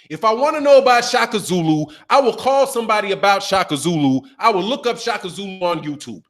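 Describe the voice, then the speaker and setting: A man with a high voice rants through boxing commentary in a loose, casual way. He talks animatedly and swears freely, slipping into mocking impressions of the people he criticizes. His tone stays heated and incredulous. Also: lively intonation, fast, few pauses, a bit bright. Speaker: boxing channel host.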